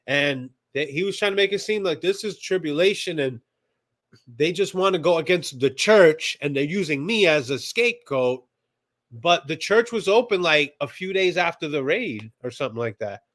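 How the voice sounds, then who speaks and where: A man's voice: a little high, animated, normal speed, fairly bright tone. A man hosting a casual commentary show, talking emphatically. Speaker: podcast host. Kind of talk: casual commentary on archive audio.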